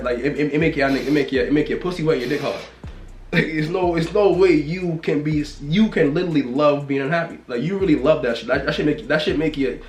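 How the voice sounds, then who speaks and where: Man ranting bluntly in a roomy space. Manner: blunt, repetitive, swings from loud exclamations to low mutters. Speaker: vlogger. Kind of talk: casual rant to camera.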